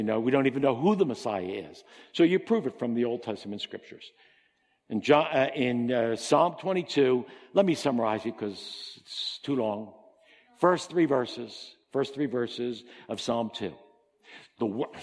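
A man preaching a sermon in an emphatic style, climbing to high, excited peaks and then dropping low. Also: big-room sound.

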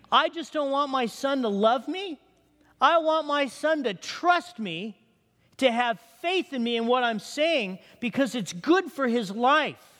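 In a reverberant church sanctuary, a middle-aged pastor delivers a conversational sermon and frequently asks his congregation questions. He has a very high, slightly bright voice.

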